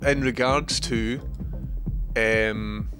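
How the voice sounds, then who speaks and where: A man's voice: medium pitch, steady tone, extremely slow. A Scottish man chatting casually on a livestream, rambling and speaking directly to his viewers. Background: background music.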